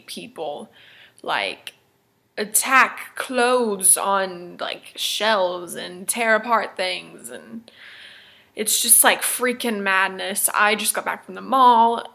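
Bubbly young woman with a bright voice. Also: mid-range voice, slow pace, vocal fry. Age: young adult. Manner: chatty, lots of "like" fillers. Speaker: fashion vlogger. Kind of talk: casual haul vlog.

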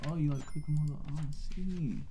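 A man streaming a game with friends, talking casually and excitably, guiding others and thanking chat viewers. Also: fairly high pitch, a loud crowd. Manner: excitable, defensive, quick asides. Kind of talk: casual gaming stream, reading chat donations.

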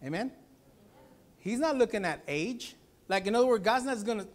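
A pastor preaching a Sunday sermon, telling a family story with acted-out voices. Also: male voice, high-pitched, moderate pace. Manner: animated storytelling, acts out voices.

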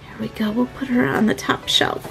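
A woman's voice: a little high, level tone, brisk, gravelly, music in the background, poor audio. Sweet, gushing woman unboxing toys. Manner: gushing, sweet, sing-song. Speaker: toy unboxing host. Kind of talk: toy unboxing narration.

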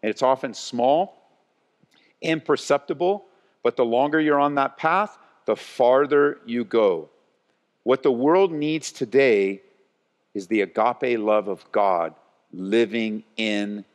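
A male pastor preaching a sermon, swinging between loud and hushed delivery. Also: mid-range voice, takes it slowly. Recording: long church hall reverb.

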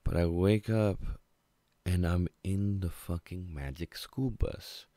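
A man's voice: sits low, slow pace, warm tone, no echo. A young man telling a storytime tale in a casual, profane, laid-back rambling way. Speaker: vlogger. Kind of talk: storytime monologue.

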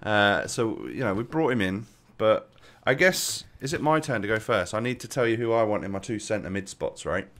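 A man hosting a casual gaming video, playful and quick to laugh as he chats with his guest. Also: fairly low pitch, lively intonation, fairly bright tone. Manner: playful, laughs often, brisk. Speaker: host.

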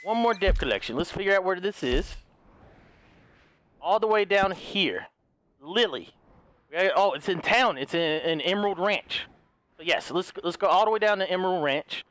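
A young man giving excitable, goofy let's play commentary, swearing often. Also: high voice, moderate pace, dry recording. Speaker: gaming YouTuber.

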